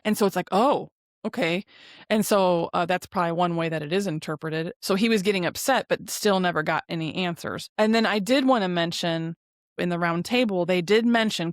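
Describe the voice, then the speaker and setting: A woman's voice: lowish voice, dry recording, clean studio sound. A woman hosting a podcast, chatty and casual, retelling scenes with lots of fillers. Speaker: podcast host. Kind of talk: casual episode recap.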